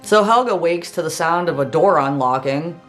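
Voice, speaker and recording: Lässige Erzählerin mit sarkastischen Einwürfen. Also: female voice, sits low, lively intonation, moderate pace, soft background music. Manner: casual, sarcastic asides. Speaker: storyteller host. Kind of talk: comedic fairy tale retelling.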